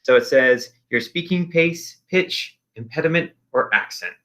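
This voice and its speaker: A young man leads a casual virtual arts lesson. His voice has a bright, forward edge, and he stays upbeat, filling pauses with lots of ums and uhs. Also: medium pitch. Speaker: expressive arts teacher.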